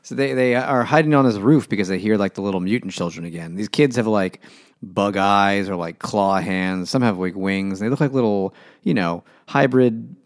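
A man's voice: lowish voice, normal speed, no echo, studio quality. A man co-hosting a casual podcast, retelling a story loosely with lots of "like" and frequent laughs. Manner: rambling, many "like"s, laughs often. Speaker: podcast co-host.

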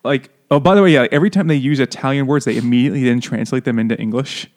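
A man's voice: medium pitch, darkish tone. A man co-hosting a casual podcast chat, mocking and laughing often as he talks. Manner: laughing, mocking, does quick silly voices for quotes. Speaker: podcast co-host.

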